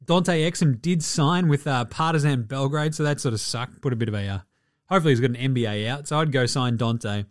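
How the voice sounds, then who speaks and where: A man's voice: mid-range voice, brisk, dry recording, studio quality. A man with an Australian accent hosting a casual sports podcast, rambling, joking and swearing freely. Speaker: podcast host.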